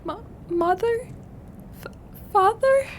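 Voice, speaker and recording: A woman's voice: very high voice, slow, slight background noise, voice pushed up. A woman voicing a frightened young child who pleads for lost parents, reading game dialogue aloud. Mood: distressed.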